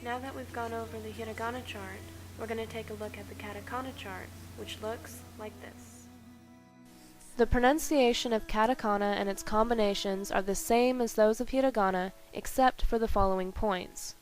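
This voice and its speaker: A woman reading a scripted language lesson carefully, slowing down to spell out each example. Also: fairly high pitch, steady tone, music in the background. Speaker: language teacher.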